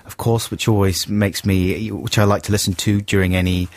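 A man hosting a radio show, chatting casually in an animated way and laughing often. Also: lowish voice, moderate pace, no room sound. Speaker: radio host.

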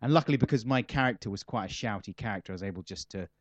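A comedian being interviewed answers questions casually in a lowish, rapid-fire voice, rambling loosely with plenty of self-mockery and dry wit. The recording is dry and slightly dull.

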